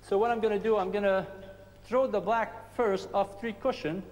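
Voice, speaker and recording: High-voiced trick shot player talking. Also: male voice, fairly even intonation, a little mellow. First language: not English. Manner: chatty, plain, halting English with restarts. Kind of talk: explaining trick shots. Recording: reverberant hall with faint hum.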